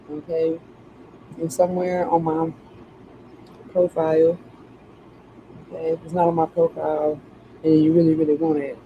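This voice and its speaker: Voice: mid-range voice, highs cut off, a little hiss or hum. A tarot reader in casual live-stream chat, joking and chatty with plenty of slang.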